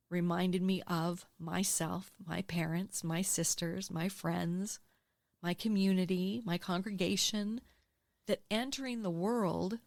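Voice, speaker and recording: A woman in her sixties, a podcast guest, telling her own story in a candid, emotional, animated way and acting out what she said back then. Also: on the low side, vocal fry, dry recording. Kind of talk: candid interview conversation. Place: podcast studio.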